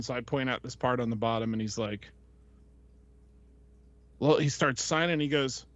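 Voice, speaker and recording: A man's voice: mid-range voice, big pitch swings, unhurried, gravelly, no room sound. A man hosting a podcast, telling a casual, rambling story full of fillers and voices he quotes. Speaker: podcast host. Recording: dull lo-fi, dry sound.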